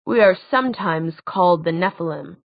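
A woman's voice: fairly low pitch, creaky, no room sound. A woman doing grave older male tutor Hodge. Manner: quiet, slow, deliberate speech. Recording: dry, tinny phone-like sound.

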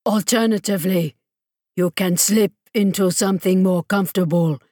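A woman's voice: mid-range voice, normal speed, a little mellow, no room sound, studio quality, lightly acted. A woman narrator voicing an armoured male enforcer who threatens with swearing and mock politeness. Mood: menacing.

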